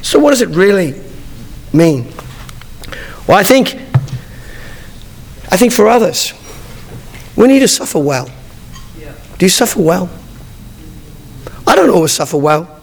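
A middle-aged man preaching with a strikingly high voice. There is a gravelly rasp under his words. He tells stories animatedly, stumbling and restarting often. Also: measured pace, pauses often. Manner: animated storytelling, frequent restarts, acts out dialogue. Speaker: pastor. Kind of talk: sermon.

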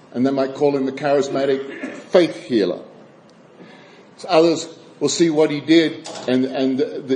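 A male preacher giving a sermon at a middle pitch, often restarting his phrases and dropping in wry, chuckling asides. He reads passages aloud between his own comments. A faint hiss of background noise sits under the voice. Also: darkish tone, rough recording. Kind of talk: sermon with scripture reading.

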